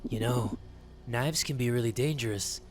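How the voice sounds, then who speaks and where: A man voicing a menacing, soft-spoken male babysitter with a low, hushed manner. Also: moderate pace, lightly acted. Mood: sinister.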